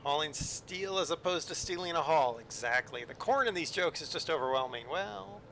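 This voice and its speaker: A chatty man talks through a train simulator on a live stream, tossing corny jokes and filler ums at his chat. His voice sits a little high with a bright, forceful edge. A faint rumble of the game hums underneath. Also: expressive, moderate pace. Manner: chatty, jokey, lots of ums and asides to chat. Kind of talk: casual live-stream commentary.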